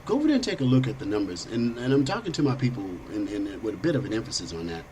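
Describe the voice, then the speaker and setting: A middle-aged man with a lowish voice hosts a political talk show. He talks bluntly and rambles in a loose, conversational way. There is a faint hiss of noise behind him. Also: sing-song, very fast, darkish tone, rough recording. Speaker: host.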